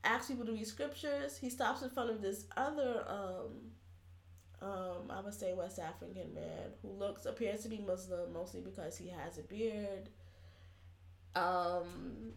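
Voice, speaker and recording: A woman's voice: mid-range voice, measured pace, roomy sound. A woman chatting casually, telling a story with swearing and voicing the people in it. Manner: animated storytelling, profane, acts out quotes. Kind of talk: casual chat.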